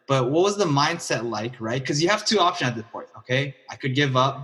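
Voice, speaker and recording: A man's voice: medium pitch, animated, fairly quick, sharp tone. Man interviewing in a roomy space. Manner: recaps the guest's story, then asks probing questions. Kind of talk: casual interview questions. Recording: roomy reverb.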